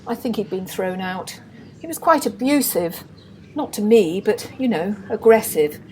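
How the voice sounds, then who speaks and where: A woman's voice: medium pitch, lively intonation, unhurried, a little mellow, a little hiss or hum, close to an everyday voice, poor audio. An amateur actress playing a timid young female assistant stage manager, hesitant and apologetic. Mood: anxious.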